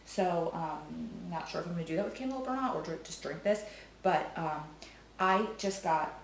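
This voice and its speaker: A woman talking casually to her vlog viewers in a chatty, rambling way, full of fillers and quick to joke and laugh. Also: on the low side, expressive, gravelly, slight background noise, low-quality recording. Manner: laughs easily, jokey. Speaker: vlogger.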